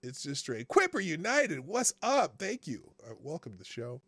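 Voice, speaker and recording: A man's voice: fairly high pitch, wildly swooping pitch, normal speed, gravelly, fairly bright tone, no room sound. A man hosting a live political talk stream, talking casually and laughing often, greeting viewers by name.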